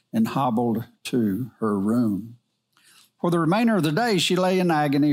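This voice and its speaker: A middle-aged man reads a moral story aloud, gentle and earnest. His pitch sits in an ordinary middle range for a man, and he reads steadily with the odd small slip.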